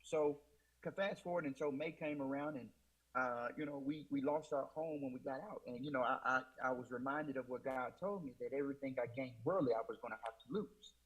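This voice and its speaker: A man's voice: mid-range voice, brisk, a bit bright, breathy edge, low-quality recording. A man as an interview guest, earnestly retelling a personal testimony with many fillers and restarts.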